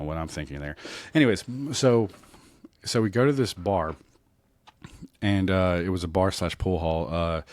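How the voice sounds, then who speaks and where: A man's voice: low voice, darkish tone, no echo, clean studio sound. A man hosting his podcast, telling a rambling comic story and checking in with "right?" and "you know?". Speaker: podcast host.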